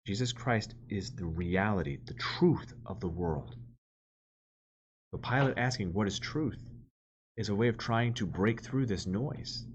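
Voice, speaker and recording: A low-pitched man reads scripture and explains it in an earnest, explanatory way, leaning hard on important words. The recording is dull and lo-fi. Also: normal speed, husky. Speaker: priest leading a Bible study. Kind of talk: scripture reading with commentary.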